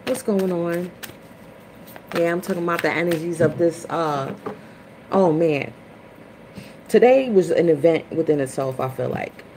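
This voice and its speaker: A woman hosting a casual spiritual livestream chat, chatty and expressive, greeting viewers by name. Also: unhurried, long pauses, a little hiss or hum, low-quality recording. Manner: dramatic swings into high, loud retellings. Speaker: livestream host.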